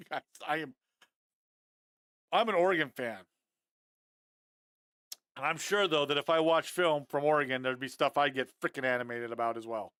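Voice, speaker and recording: A man's voice: on the high side, moderate pace, pauses often, smooth, no room sound, clean studio sound. Fired-up man breaking down game film. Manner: animated and fired up, apologizing for it; addresses viewers as guys, often adds okay. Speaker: football film analyst.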